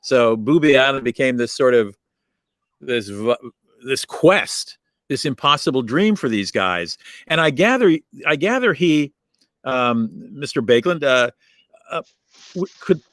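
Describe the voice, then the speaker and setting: Male radio host, mid pitch, dry close sound, measured interviewer. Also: animated, fairly bright tone, no echo. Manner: thoughtful, measured, with fillers. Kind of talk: interview questions and recaps.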